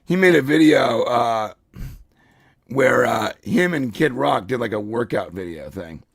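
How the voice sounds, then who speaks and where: A congested man hosts a loose podcast chat in a rough, gravelly voice with a husky edge. He rambles and jokes, filling gaps with ums and clearing his throat. The sound is dry and close. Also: mid-range voice, expressive, unhurried, no echo. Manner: rambling, joking, frequent fillers and throat clearing. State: congested, hoarse voice. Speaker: co-host.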